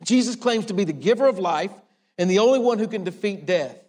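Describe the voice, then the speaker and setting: A man preaching a sermon, emphatic and repetitive, swinging from hushed to raised. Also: high-pitched, lively intonation, fairly quick, big-room sound. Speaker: pastor.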